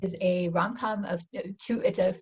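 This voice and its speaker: A woman's voice: on the low side, steady tone, husky. A woman in her forties, an author, chatting enthusiastically on a video call and often restarting her sentences. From United States. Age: 40s. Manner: warm, enthusiastic, talks in quick restarts. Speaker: author guest. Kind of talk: casual interview chat.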